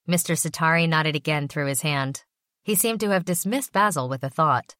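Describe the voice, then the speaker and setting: A woman narrating an audiobook in a steady, even reading voice. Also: deep voice, normal speed, no echo, studio quality.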